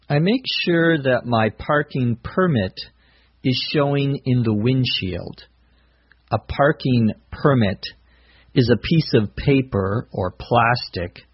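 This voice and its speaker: Middle-aged male English teacher, husky voice, unhurried careful delivery. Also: medium pitch. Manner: slow, careful explanation of vocabulary. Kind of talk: slow scripted language lesson. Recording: dull lo-fi recording.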